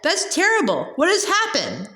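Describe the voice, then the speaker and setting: A woman's voice: very high-pitched, wildly swooping pitch, moderate pace, sharp tone, roomy sound, pitched above the performer's own voice, exaggerated voice. A woman voicing a fussy, stern grown man who scolds children, while reading a storybook aloud.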